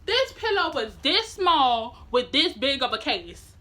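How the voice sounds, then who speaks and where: A young woman, telling a personal story in an animated, demonstrative way. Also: sits high, a little slow, hardly any pauses. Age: young adult. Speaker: vlogger. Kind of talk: emotional storytime.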